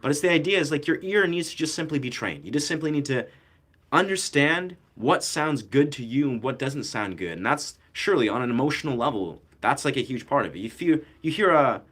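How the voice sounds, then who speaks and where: A young man talks music straight to his camera in a loose, slangy ramble. He circles his points with fillers and restarts. His voice sits in an ordinary middle pitch. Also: expressive, brisk, fairly bright tone. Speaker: musician and content creator. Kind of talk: casual talk to camera about music.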